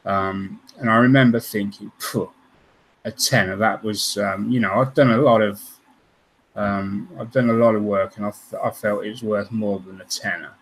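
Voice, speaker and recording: A man's voice: on the low side, fairly even intonation, normal speed, slight background noise, poor audio. A man hosting a modelling livestream, telling stories from his past in a rambling, hesitant way full of ums and restarts. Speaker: scale modelling channel host. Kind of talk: casual livestream storytelling.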